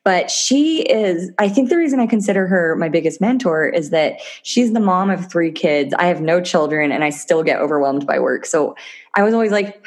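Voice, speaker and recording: A woman talking as a podcast guest in a casual interview, chatty and enthusiastic, often laughing. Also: fairly low pitch. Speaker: podcast guest, physical therapist turned entrepreneur.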